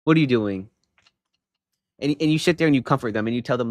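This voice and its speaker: A young male streamer talks into a desk mic in emphatic, rambling casual chat, with plenty of "bro" and "okay?". His pitch sits in the middle range for a man. The sound is dry and close, with no room echo at all. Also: fast. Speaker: livestreamer.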